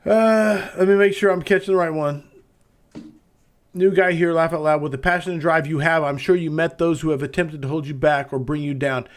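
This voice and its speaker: A man's voice: a little high, steady tone, brisk. A man hosting a live-streamed interview, eagerly reading out audience questions. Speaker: host.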